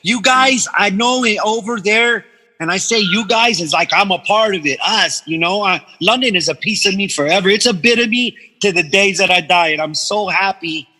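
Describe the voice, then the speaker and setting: Bright, high-voiced man telling stories. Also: normal speed, big-room sound, poor audio. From Guam. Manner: animated, swears freely, acts out quoted voices. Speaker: podcast guest. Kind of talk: casual storytelling chat.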